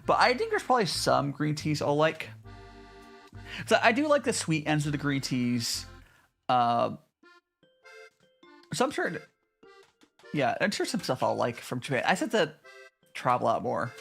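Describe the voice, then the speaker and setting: Lively, chatty male streamer. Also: fairly high pitch, measured pace, gravelly, long pauses, husky, soft background music. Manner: chatty, reads and answers chat, many restarts. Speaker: VTuber streamer. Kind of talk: casual live-stream chat. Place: home stream in Japan.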